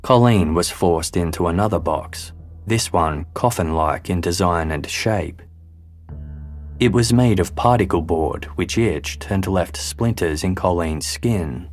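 Deep-voiced man narrating true crime. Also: faint music behind. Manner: measured, grave storytelling. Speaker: podcast host.

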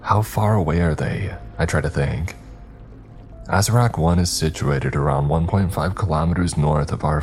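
A man's voice: extremely low pitch, darkish tone. A man narrating a first-person horror story in a tense, dramatic manner.

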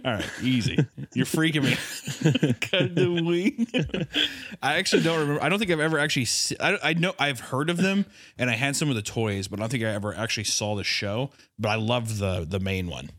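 A man's voice: mid-range voice, brisk, fairly bright tone, no room sound, clean studio sound. A man hosting a podcast in casual chat, rambling and teasing his friends with frequent laughter and swearing. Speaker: podcast host.

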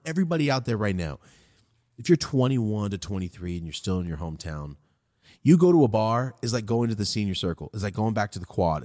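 A man hosting a podcast, telling a story in a loose, profane, rambling way while high. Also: a little mellow, dry recording, clean studio sound. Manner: profane, rambling, laid-back. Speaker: podcast host. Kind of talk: casual storytelling.

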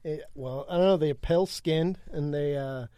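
A man podcast host reading research notes aloud in a monotone. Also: on the high side, normal speed, smooth, no echo. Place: studio.

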